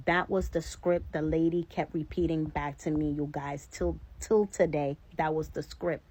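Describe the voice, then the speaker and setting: A woman's voice: low-pitched, fairly even intonation, moderate pace, hardly any pauses, darkish tone, rough recording. A woman vlogger chatting casually, retelling an ordinary experience and often addressing her viewers directly. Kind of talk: casual storytelling vlog.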